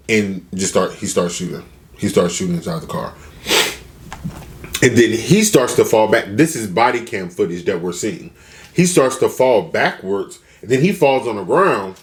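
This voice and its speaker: A man retelling a story casually for a food vlog, acting out the people he quotes. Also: mid-range voice. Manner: animated, acts out quotes with shifting voices. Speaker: mukbang vlogger.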